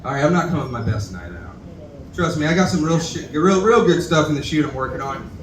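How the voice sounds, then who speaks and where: A young man with a drawl runs through a rambling, self-deprecating stand-up set full of cussing and asides to the crowd. His voice sits a little high for a man. It is caught from a distance in a roomy, echoey bar. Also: lively intonation, fast, background noise. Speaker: stand-up comedian at open mic. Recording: echoey bar room recorded from afar.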